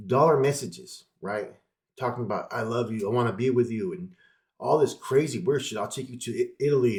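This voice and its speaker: A man casually telling a personal story straight to his viewers, swearing often and packing his talk with fillers. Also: mid-range voice. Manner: profane, animated storytelling with lots of fillers.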